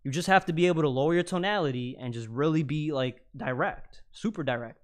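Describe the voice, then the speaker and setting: Male panel host, assertive and lecturing, voice on the higher side. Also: fast talker. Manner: assertive, lecturing, drops his tone for emphasis. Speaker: podcast host. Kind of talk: casual panel debate.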